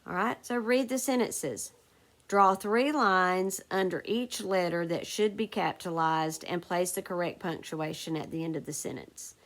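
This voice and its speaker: A woman's voice: on the low side, moderate pace. A woman teacher leading a recorded phonics lesson for second graders, patiently asking the class questions and answering them herself.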